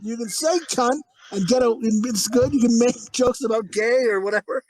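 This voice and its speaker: A man's voice: very high voice, normal speed, a loud crowd. A man co-hosting a crude movie review podcast, ranting and swearing freely. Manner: profane, ranting, animated. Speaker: podcast co-host. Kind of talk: casual movie review chat.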